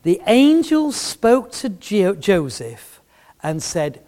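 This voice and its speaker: A man's voice: sits high, very animated, slow, mellow. A middle-aged man preaching a sermon, telling a story with emphasis and humor. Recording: long reverb in a large hall.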